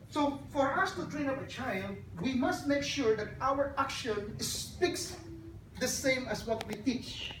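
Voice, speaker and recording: A woman's voice: high-pitched, slow pace, fairly bright tone. A woman giving an earnest, sermon-like talk at a child dedication, telling stories to her audience. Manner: earnest, storytelling, addresses audience directly. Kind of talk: sermon-like talk with a joke story. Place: hotel function hall. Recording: echoey hall, distant mic, background noise.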